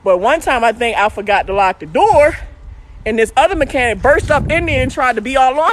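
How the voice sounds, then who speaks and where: A woman's voice: high voice, lively intonation, brisk. A woman with a Baltimore accent, a truck driver chatting animatedly on a live stream, laughing often and swearing while she reads viewer comments.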